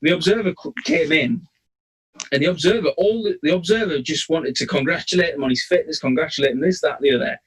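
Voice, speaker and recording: A man's voice: fairly high pitch, animated, quick pace, rough recording. A man, co-hosting a casual referee chat and telling a long rambling story with many restarts. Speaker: referee, podcast co-host.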